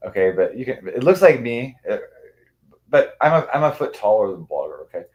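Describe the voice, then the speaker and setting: A man's voice: medium pitch, very animated, brisk, dull audio. A man chatting casually on a livestream, rambling with many restarts and cooing to his cats.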